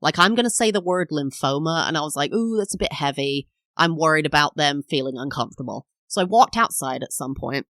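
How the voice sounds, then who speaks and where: A woman's voice: low voice, a little fast, hardly any pauses, a bit bright, no room sound. A woman in her thirties, a podcast host telling a personal story in a chatty, rambling way, full of fillers and acted-out quotes. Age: 30s.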